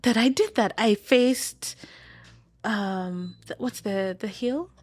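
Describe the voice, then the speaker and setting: A woman from Kenya, a podcast guest, telling stories in a casual chat, animated and laughing often as she acts out the dialogue. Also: medium pitch, slow, no room sound.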